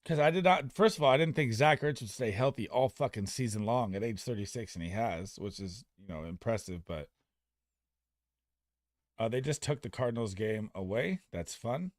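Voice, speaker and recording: Profane, excitable young man, dry close sound. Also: mid-range voice, dry recording. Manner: excitable, profane, talks fast and loose. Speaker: fantasy football streamer. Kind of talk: casual livestream chat.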